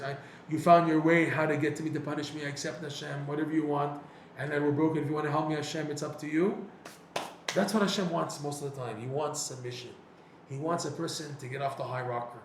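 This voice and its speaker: A man teaching a Torah class, telling a personal story and acting out his own prayers and dialogues in an animated way. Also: on the high side. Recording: echoey room with faint noise.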